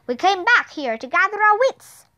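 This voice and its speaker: A woman's voice: extremely high pitch, very animated, moderate pace, bright, forceful tone, dull audio, voice pushed up, heavily acted. A woman reading aloud and voicing a cheerful young boy sorcerer in a storybook, who speaks in a formal, old-fashioned way.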